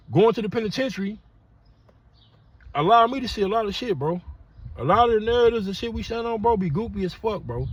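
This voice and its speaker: Middle-aged male podcast host; husky, blunt, profane street monologue. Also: high voice, lo-fi sound. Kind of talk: casual monologue.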